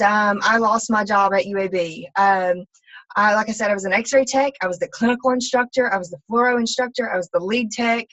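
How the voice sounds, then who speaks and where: Brief: woman, mid-pitched, candid rambling testimony, slightly dull lo-fi sound. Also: fairly bright tone. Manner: candid, rambling with many ums and restarts. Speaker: fitness coach. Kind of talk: personal testimony talk.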